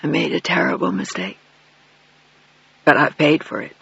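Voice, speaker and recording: A man voicing a remorseful, ailing older father who talks in a mournful, halting, apologetic way. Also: fairly high pitch, fairly even intonation, gravelly, fairly bright tone, slightly rough, exaggerated voice. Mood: sorrowful. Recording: dull lo-fi dry recording.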